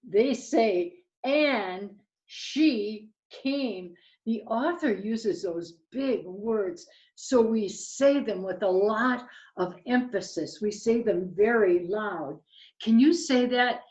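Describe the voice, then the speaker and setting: Slow, gentle woman reading to kids. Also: medium pitch. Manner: gentle, slow and expressive, addressing children. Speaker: children's storyteller. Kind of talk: reading a picture book aloud to children. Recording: slightly muffled lo-fi recording.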